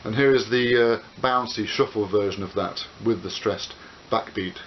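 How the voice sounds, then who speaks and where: Over loud music, a ukulele teacher with a lowish voice speaks at normal speed, calling out chords and counting beats as he plays. His manner is relaxed and explanatory with many "uh" fillers. The audio, from a camcorder mic, is dull and hissy with the ukulele loud.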